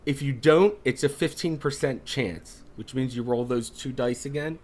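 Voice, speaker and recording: Casual male game master narrating. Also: mid-range voice. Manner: casual, halting, with many fillers. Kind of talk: narrating a tabletop horror game.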